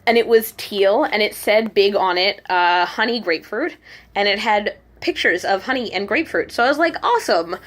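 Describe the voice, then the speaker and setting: Woman, casual vlog storytelling, handheld camera, chatty, animated self-quoting. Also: mid-range voice, moderate pace. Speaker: vlogger. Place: abroad in Korea, at home.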